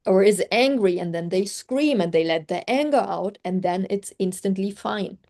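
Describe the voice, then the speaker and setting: A woman whose first language is German coaches on a group video call, chatting casually and reflectively with lots of "like" fillers. Her mid-range voice is warm and a little slow.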